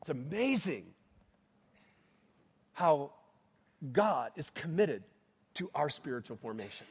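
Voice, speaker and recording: A man's voice: fairly high pitch, big pitch swings, takes it slowly, creaky, breathy edge. A man preaching a sermon, asking the congregation rhetorical questions as he goes. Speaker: pastor. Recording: long hall reverb.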